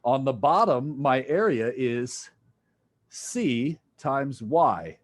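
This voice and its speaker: A man's voice: mid-range voice, sing-song, very slow. A man lecturing a physics class, casual and jokey, thinking aloud as he works through problems with students. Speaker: physics instructor.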